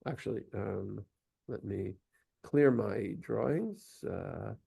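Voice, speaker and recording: A man's voice: fairly low pitch, takes it slowly, gravelly, dark tone, slightly rough. A man giving a patient, explanatory lesson at a synagogue, now and then singing short examples. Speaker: synagogue teacher. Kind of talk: explanatory lesson on Torah cantillation.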